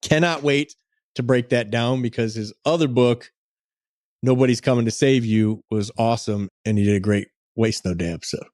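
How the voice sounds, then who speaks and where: A man's voice: medium pitch, moderate pace, darkish tone, dry recording, clean studio sound. A man co-hosting a podcast, talking in an upbeat, chatty, joking way, slipping into casual ad reads. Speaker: podcast co-host. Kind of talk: casual podcast chat and ad read.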